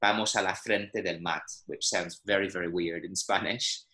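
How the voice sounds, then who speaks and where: A man's voice: deep voice, steady tone, normal speed, sharp tone, low-quality recording. A man teaching an online Spanish class over a video call, patiently explaining and checking that students follow. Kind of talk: online language lesson. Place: online class, speaking from Medellín.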